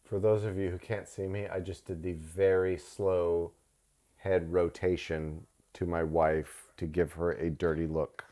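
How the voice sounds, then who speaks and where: A man's voice: deep voice, flat delivery, unhurried, mellow. A man co-hosting a casual movie-watching podcast from his couch at home, joking, swearing freely and slipping into silly voices while he has a cold. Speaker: co-host. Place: living room couch at home.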